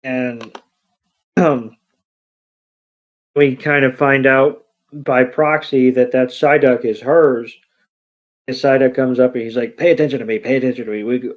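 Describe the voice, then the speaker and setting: A man co-hosting a podcast, recapping a film in unhurried, halting, casual narration. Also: medium pitch, steady tone. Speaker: podcast co-host. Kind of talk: casual movie recap chat. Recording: dull lo-fi podcast audio.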